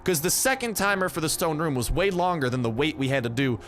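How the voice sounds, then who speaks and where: A man's voice: on the high side, animated, fast talker, fairly bright tone. A young man giving casual, slangy gameplay commentary, chatty and full of jokey asides.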